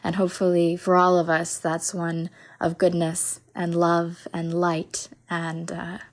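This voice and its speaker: A woman's voice: lowish voice, monotone, unhurried. A woman hosting a podcast in a casual, rambling, self-mocking way, tired after a night without sleep, recorded at a venue during sound check. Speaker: podcast host.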